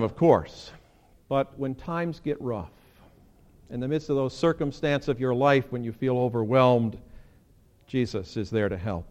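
A man preaching a sermon as pastor, animated, acting out quoted lines with sudden leaps in pitch.

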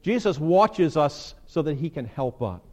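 A man preaching a sermon as pastor, animated, acting out quoted lines with sudden leaps in pitch. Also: a little slow.

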